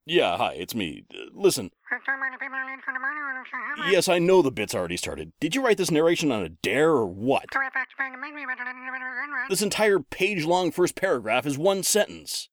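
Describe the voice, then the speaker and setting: A man's voice: on the high side, sing-song, normal speed, pauses often, no room sound, clean studio sound. Sarcastic, exasperated male narrator. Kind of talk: comedic narration and phone-call bit.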